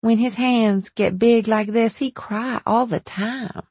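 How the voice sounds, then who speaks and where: A woman's voice: fairly high pitch, steady tone, takes it slowly, darkish tone, breathy edge, dry recording, voice pushed up, exaggerated voice. A woman reading an audiobook voices a worried young mother who speaks in plain dialect. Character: young mother, worried for her sick baby.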